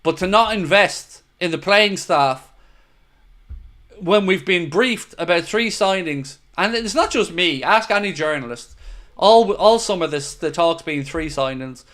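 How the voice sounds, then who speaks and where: A man with a high, expressive, fairly bright voice speaks at a measured pace while hosting a football fan livestream. He chats casually, reads viewer comments and answers them in an earnest, opinionated way, addressing viewers directly as "mate".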